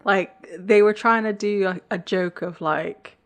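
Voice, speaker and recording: A woman's voice: mid-range voice, fairly even intonation, a little slow. A woman co-hosting a podcast, talking through a TV episode in a thoughtful, hesitant, casual way. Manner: thoughtful, hesitant, many restarts. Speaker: podcast co-host.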